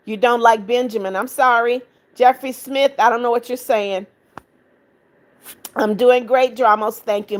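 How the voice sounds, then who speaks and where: A middle-aged woman hosting a livestream, reading viewer comments aloud, warm to kind viewers and firm with rude ones. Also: on the high side. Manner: firm, scolding rude commenters, affectionate to others. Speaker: livestream host reading chat. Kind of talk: casual live chat.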